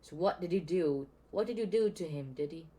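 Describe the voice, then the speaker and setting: A man voicing a blustering, bad-tempered middle-aged man with a gruff, barking delivery. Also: fairly high pitch, brisk, warm tone, lightly acted. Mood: angry.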